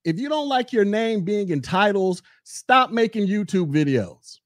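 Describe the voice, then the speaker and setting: A man rants on his podcast, mocking a rival and coming back again and again to the same taunts. His voice sits high for a man. It is recorded close and dry, with no room sound. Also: lively intonation, a little slow, no room sound. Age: 40s. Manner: mocking, heated, repeats taunts. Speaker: podcast host. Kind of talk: casual commentary rant.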